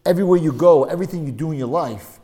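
Emphatic, animated man telling stories. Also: on the high side, racing. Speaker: speaker in a religious study discussion. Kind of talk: casual storytelling discussion.

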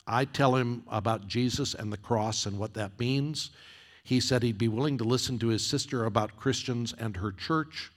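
Low-voiced preaching man, impassioned. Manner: storytelling, building to impassioned exhortation. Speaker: pastor. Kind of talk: sermon.

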